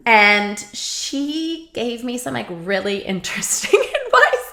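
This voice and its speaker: A woman's voice: a little high, takes it slowly, a little hiss or hum. Chatty woman telling a story, echoey room. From Canada. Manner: animated, laughs often, many fillers. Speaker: guest, company founder. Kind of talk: casual storytelling interview.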